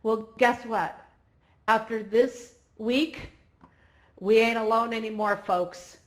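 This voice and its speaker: Woman hosting a vr event, kinda high voice, chatty and teary. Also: steady tone, slow pace. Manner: emotional, chatty, on the verge of tears. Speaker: event host. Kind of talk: excited live event hosting. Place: virtual reality event.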